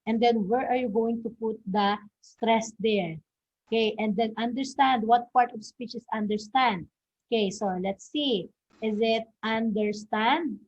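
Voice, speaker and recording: A woman's voice: fairly high pitch, steady tone, a little slow, a little mellow, breathy edge. A woman teacher, giving a recorded English lesson, sprinkling "okay" throughout and quizzing her listeners. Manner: peppers sentences with "okay", quizzes listeners with questions. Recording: dull lo-fi recording.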